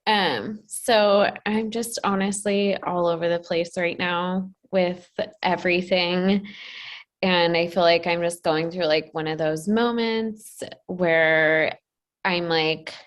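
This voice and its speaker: A woman's voice: fairly low pitch, fairly even intonation, slow. A woman client on a video coaching call, talking in an anxious, rambling way full of fillers. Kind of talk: casual talk on a coaching call.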